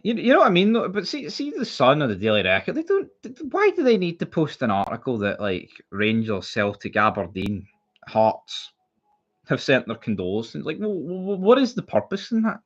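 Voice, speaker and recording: Streaming casually about football, this young Scottish man rants with blunt heat, swearing freely and repeating himself. His voice is on the high side with huge pitch swings and a moderate pace, captured with lo-fi sound.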